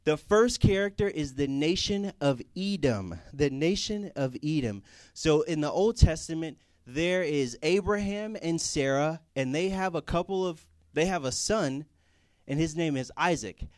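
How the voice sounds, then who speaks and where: A man's voice: on the high side, animated, a little slow, a little mellow, dry recording. A young man preaching casually to a group, telling family stories and acting out the voices of the people in them. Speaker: youth pastor.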